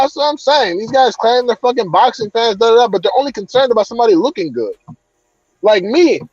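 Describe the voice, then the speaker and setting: High-voiced man ranting about boxing. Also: a little mellow, husky, no echo, muffled recording. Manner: heated, profane ranting. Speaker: boxing commentator. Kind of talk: casual chat.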